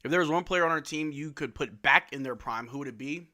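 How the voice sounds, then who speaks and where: A young man from Louisiana hosting a casual livestream, chatting and answering viewers' questions with quick laughs. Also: on the high side, bright, forceful tone. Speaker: livestream host.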